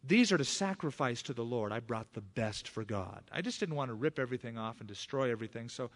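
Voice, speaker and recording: A man's voice: mid-range voice, animated, fairly quick, big-room sound. Excuse-making king, pleading and pious, preacher voicing him. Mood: excusing. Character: scheming king making excuses, male adult.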